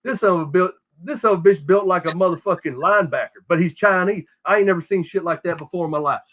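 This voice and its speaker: A man's voice: high-pitched, quick pace. A middle-aged man from South Texas with a Texan accent, telling a rambling, profane story full of restarts in casual podcast talk. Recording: dull lo-fi audio.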